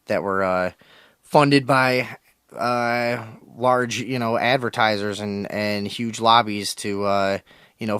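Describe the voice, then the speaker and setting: This male radio host has a lowish, fairly bright voice, recorded with a very dry, close studio sound and no echo. His call-in show is profane and rambling, and he's crude, loose and swearing, playing mock-aggressive with callers.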